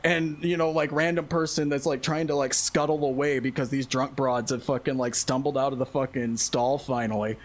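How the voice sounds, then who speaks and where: A man's voice: mid-range voice, normal speed, hardly any pauses. A man casually telling a wild story, swearing constantly, laughing often and acting out what people said. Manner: animated, laughing, heavy swearing, acts out quotes.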